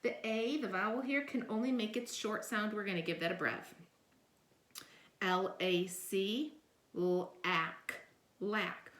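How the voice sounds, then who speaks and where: A woman's voice: mid-range voice, steady tone, measured pace, echoey room. A woman teaching a phonics lesson, patiently sounding out letters and syllables step by step.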